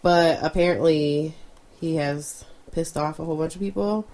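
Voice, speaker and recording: A woman with a notably low voice co-hosts a casual podcast. She relays news stories in an easygoing way, filling pauses with ums and dropping in offhand asides. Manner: relaxed, reads news with fillers and asides. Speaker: podcast co-host. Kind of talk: casual chat, reading news items.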